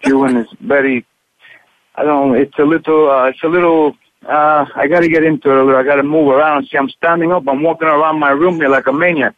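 An actor being interviewed by phone from his room, talking haltingly with many restarts and repeated words. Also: fairly high pitch, steady tone, a little hiss or hum. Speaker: actor guest. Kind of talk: candid interview over the phone. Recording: tinny dry phone line.

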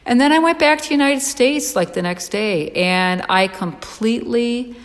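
A woman guest in an interview, telling her story in a lively, excitable way with frequent fillers. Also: a little high, normal speed, long reverb tail. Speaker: interview guest, dog rescuer.

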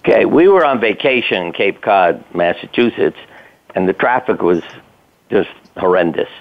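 An older man with a low voice tells plainspoken stories as a guest on an interview show, casual and anecdotal, with the occasional curse. He is heard over a tinny, phone-like line. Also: lively intonation, normal speed. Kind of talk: conversational storytelling.

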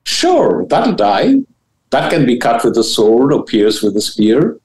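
A man, a spiritual teacher and guest, explaining ideas in an animated, emphatic way with blunt, casual wording and big swoops in pitch. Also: measured pace, low-quality recording. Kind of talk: animated interview talk about spirituality.

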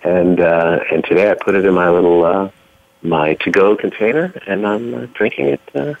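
Relaxed man chatting over a dull line. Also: deep voice, moderate pace, gravelly, dry recording. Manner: relaxed, hesitant, full of fillers. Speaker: radio show guest. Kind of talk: casual storytelling on a radio call.

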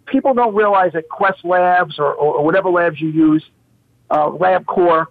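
A man with a high voice talks emphatically, tossing out rhetorical questions as he tells his story. The sound is dry and tinny, like a phone line. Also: normal speed, dry recording. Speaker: guest, health practitioner. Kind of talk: animated storytelling on a talk show.

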